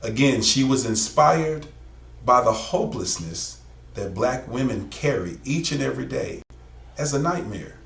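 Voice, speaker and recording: A man's voice: fairly low pitch, fairly bright tone, roomy sound, distant mic. A man hosting a program, introducing speakers in a formal, ceremonial manner. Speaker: host.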